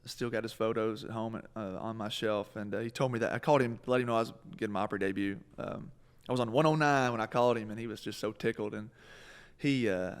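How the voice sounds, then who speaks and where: A man's voice: on the low side, fairly even intonation, quick pace, smooth. A man, a country singer guesting on a live radio show, telling a story with many restarts and bursts of laughter. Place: live radio stage in a food hall.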